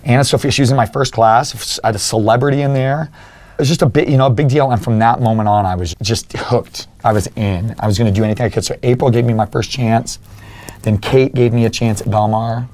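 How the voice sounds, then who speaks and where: A young fitness coach, appearing as a podcast guest, talks fast in a mid-range, darkish voice with fairly even intonation. He earnestly shares personal stories in the interview and acts out remembered dialogue.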